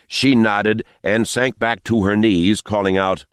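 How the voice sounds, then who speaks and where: A man reading an audiobook in an expressive, dramatic narration style. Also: lowish voice, a little slow, few pauses, smooth, no echo, studio quality. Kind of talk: scripted narration.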